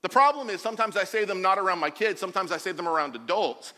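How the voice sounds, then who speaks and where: A bright, high-pitched man in his forties delivers a lively sermon, joking and acting out the quotes he tells. His voice rings out with a long reverb from the church hall around him. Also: quick pace. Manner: animated, jokey, acts out quotes. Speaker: pastor.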